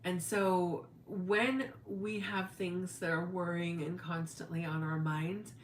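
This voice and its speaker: A woman's voice: on the low side, steady tone, slow pace, roomy sound, a little hiss or hum. A middle-aged woman hosting a casual spiritual livestream, talking in a chatty, emphatic way and acting out the people she quotes. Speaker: spiritual teacher, livestream host.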